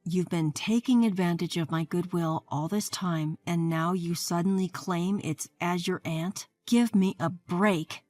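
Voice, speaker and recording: Brief: woman, forties, low tone, dry booth sound, telling her story in a fed-up, wry manner. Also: unhurried, hardly any pauses, a little mellow, dry recording. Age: 40s. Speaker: narrator. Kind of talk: scripted story narration.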